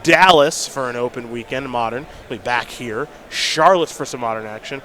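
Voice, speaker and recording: A man doing casual, chatty commentary banter at a live card game event, quick to laugh. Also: medium pitch, bright, forceful tone, a little hiss or hum.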